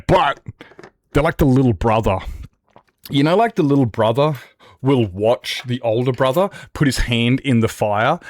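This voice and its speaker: Australian male streamer mid-rant, heated and foul-mouthed, dry close sound, voice of middling pitch. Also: no echo. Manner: sweary, heated ranting, fast tangents. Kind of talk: live-stream rant while gaming.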